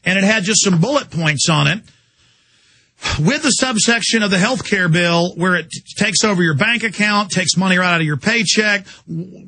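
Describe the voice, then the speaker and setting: A man's voice: sits high, bright, forceful tone, slightly rough. A man hosting a talk radio show, delivering a heated, insistent political monologue full of rhetorical questions.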